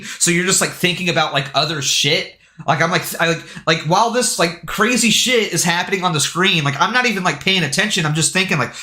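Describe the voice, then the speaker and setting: A man streaming live, telling a story in an excitable way, full of swearing and filler words. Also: fairly high pitch. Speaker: game streamer. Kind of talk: casual livestream storytelling. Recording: echoey room.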